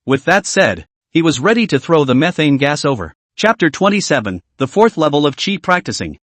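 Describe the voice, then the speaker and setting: A man reads out a comic story recap as its narrator. His voice sits a little high and leaps around in pitch. The sound is dry and close. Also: very animated, moderate pace, hardly any pauses, a bit bright, no room sound.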